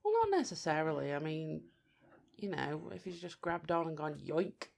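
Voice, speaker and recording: Low creaky woman. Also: lively intonation, normal speed, a little mellow. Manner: playful, teasing, self-deprecating. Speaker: co-host of a film commentary. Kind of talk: casual chat.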